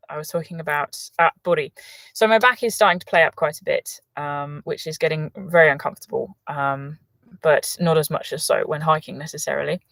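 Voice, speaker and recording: A woman's voice: low-pitched, no room sound. Chatty British woman, live from a van. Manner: chatty, rambling, laughs often. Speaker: host. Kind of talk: casual live Q&A. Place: camper van on the road.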